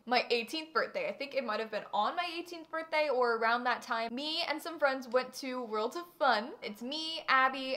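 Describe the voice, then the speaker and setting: A young woman telling a personal story in a casual vlog, animated and exaggerated, full of fillers. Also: sits high. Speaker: vlogger.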